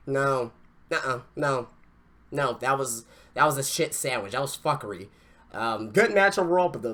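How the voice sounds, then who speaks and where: A man's voice: medium pitch, sharp tone, breathy edge. Man, podcast host, casual wrestling review, profane, rambling, repeats and restarts. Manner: ranting, profane, stammering restarts.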